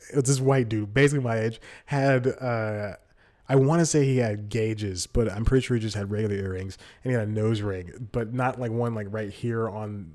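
A man's voice: medium pitch, a little mellow. A young man hosting a podcast, telling casual stories on his own, rambling, correcting himself and laughing often mid-sentence. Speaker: podcast host. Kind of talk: casual solo storytelling.

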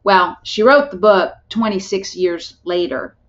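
A woman's voice: medium pitch, unhurried, dull audio. A middle-aged woman telling a personal story as a podcast guest, earnest and heartfelt, often restarting her sentences.

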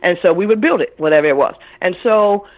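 A middle-aged woman talks as an interview guest, full of lively stories where she acts out the people in them. Her voice comes through a thin, tinny phone line. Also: lowish voice, fast talker. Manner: animated storyteller who acts out other people's voices. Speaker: author and caregiver guest. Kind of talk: interview conversation.

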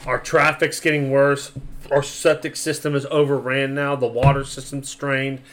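A man's voice: mid-range voice, flat delivery, normal speed, fairly bright tone. A man co-hosting a casual podcast, talking in a brash, profane, fired-up way. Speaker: podcast co-host. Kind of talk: casual chat.

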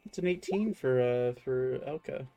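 A man narrating a tabletop game as game master, with a halting delivery full of ums and restarts. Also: medium pitch, expressive, warm tone, faint music behind.

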